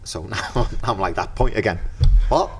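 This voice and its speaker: A middle-aged man with a Merseyside accent, a podcast guest in casual chat, telling lively anecdotes and acting out the dialogue. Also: sits low, moderate pace, a little hiss or hum. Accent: Merseyside English. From Merseyside, England.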